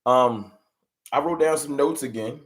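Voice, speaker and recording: A man's voice: medium pitch, a little slow. A laid-back man hosting a casual livestream at his own easy pace. He greets his chat members one by one and talks loosely with them. His voice sits in an ordinary middle range for a man. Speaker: livestream host.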